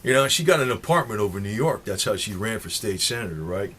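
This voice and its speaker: A man's voice: fairly low pitch, animated, quick pace, a bit bright, slight background noise. A man with a New Jersey accent rambling in a monologue to his viewers, swearing freely and chuckling between points. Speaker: political vlogger.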